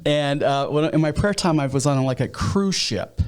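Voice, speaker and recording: A man's voice: a little high, normal speed, smooth. Midwestern American man telling stories. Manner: storytelling, with frequent restarts. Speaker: nonprofit leader and pastor. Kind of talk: interview conversation.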